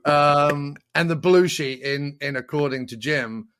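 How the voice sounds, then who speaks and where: A man's voice: fairly high pitch, a little slow, a bit bright, smooth. A man hosting a podcast in casual chat, joking and launching into mock rants. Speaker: podcast host.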